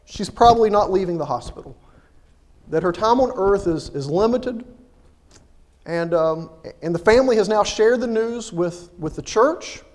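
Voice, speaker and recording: A male minister delivers a sermon in a halting way, full of "uh"s and repeated words as he builds his story. His voice is fairly high. A long reverb trails his words, like a large hall. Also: animated, a little mellow.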